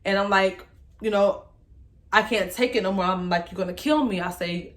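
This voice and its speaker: A young woman, emotionally recounting a personal story to the camera in a candid, halting way and speaking straight to her viewers. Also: medium pitch, a bit bright. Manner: candid, halting, speaks to viewers as "y'all", voice rises when reliving moments. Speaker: vlogger telling her story.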